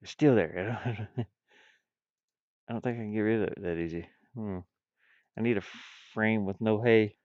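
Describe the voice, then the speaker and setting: A man's voice: lowish voice, moderate pace, long pauses, no room sound, lo-fi sound. Man with a stuffy nose, rambling. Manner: rambling, self-talking, chuckles often. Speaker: indie game developer streaming. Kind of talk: casual live-stream chat while working.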